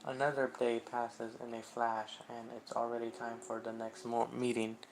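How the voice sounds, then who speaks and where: A man streaming a visual novel game, reading the narration aloud and reacting live, unhurried and quick to swear when surprised. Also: medium pitch, monotone, faint music behind.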